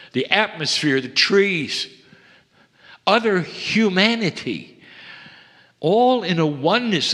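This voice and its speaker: A man's voice: a little high, a bit bright. Man channeling a solemn message in a reverberant hall. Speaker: spiritual channeler. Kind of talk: channeled spiritual address to a live audience. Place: event hall.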